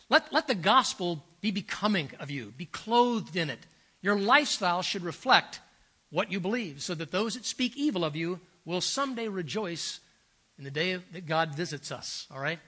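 A man's voice: sits high, animated, moderate pace, pushed and bright. An older man preaching a sermon as pastor, earnest and emphatic, telling stories and repeating phrases for effect.

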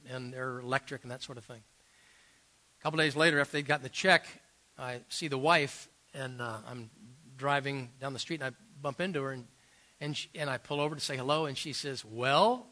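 A middle-aged pastor preaches a sermon woven with personal stories, alternating between loud emphasis and quiet asides. His voice is slightly high.

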